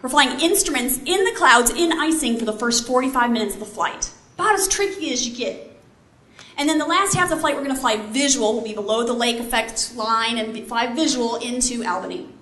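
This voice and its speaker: A middle-aged woman, a keynote speaker who once flew helicopters for the Army, addresses a live audience in a large, echoey hall with faint ambience. Her voice is a little high, bright and forceful, and she talks fairly quickly and expressively as she tells an animated story and quizzes the crowd.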